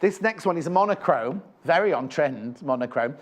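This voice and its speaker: A man's voice: fairly high pitch, lively intonation, normal speed. A man presenting craft kits on a live shopping channel, chatty and enthusiastic, rambling with frequent self-corrections.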